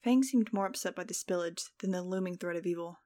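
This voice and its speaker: A woman's voice: lowish voice, a little fast, warm tone. Wry woman narrating an audiobook. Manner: wry, sardonic. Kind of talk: first-person audiobook narration.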